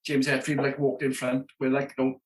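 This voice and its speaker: In a monotone, medium-pitched voice and at a slightly fast clip, a thirty-something rock drummer from Merthyr Tydfil in South Wales shares stories from the road. He's a guest on a podcast, acting out conversations and repeating "you know what I mean" a lot.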